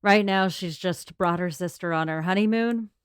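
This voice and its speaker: A woman's voice: fairly low pitch, normal speed, clean tone, dry recording, clean studio sound. A woman co-hosting a podcast, leading the segments of a casual book discussion in an organized, talkative way. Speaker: podcast co-host.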